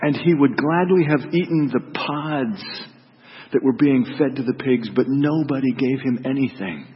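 A man's voice: mid-range voice, normal speed, long reverb tail, lo-fi sound, a little hiss or hum. A man reading a gospel story aloud as a priest and then preaching on it, voicing its characters dramatically.

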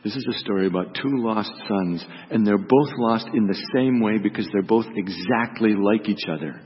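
A man's voice: lowish voice, moderate pace, in a large hall, highs cut off. A man reading a gospel story aloud as a priest and then preaching on it, voicing its characters dramatically.

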